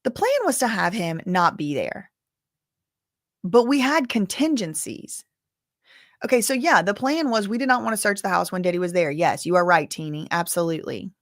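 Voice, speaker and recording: A woman's voice: lowish voice, animated, normal speed, dry recording, clean studio sound. A woman giving casual live-stream commentary, reading news updates aloud with chatty asides, sounding tired. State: tired, yawning.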